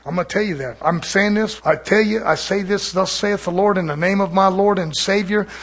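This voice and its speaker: A man preaching an evening sermon in a church, fervent, swinging between shouted lines and hushed asides. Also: high voice, brisk.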